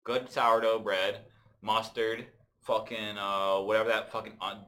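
Brief: male comedian guest from Canada, low-ish voice, rambling profane stories on a podcast mic. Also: little pitch movement, a little slow, bright, forceful tone. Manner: rambling, profane storytelling with many restarts. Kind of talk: casual podcast chat.

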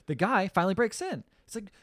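A man's voice: sits high, a bit bright, dry recording, clean studio sound. A young man casually recapping a film, acting out the characters' lines in mock voices and swearing freely. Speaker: podcast co-host recapping a film. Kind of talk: casual chat.

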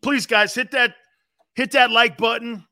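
A man's voice: very high voice, fairly even intonation, a little slow, pushed and bright, dry recording, studio quality. A man in his fifties hosting a live show, telling a rambling, laugh-filled anecdote and acting out the quotes himself. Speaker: host. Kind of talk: casual storytelling on a live show.

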